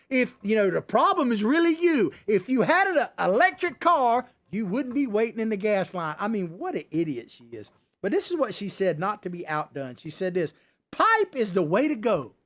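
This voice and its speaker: A male host delivering a sarcastic political commentary monologue, ranting and chuckling as he goes. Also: sits high. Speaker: talk show host.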